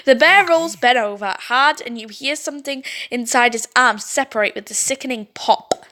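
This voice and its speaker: A woman gaming YouTuber reading a story game aloud, expressive and reacting with exclamations. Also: on the high side, normal speed.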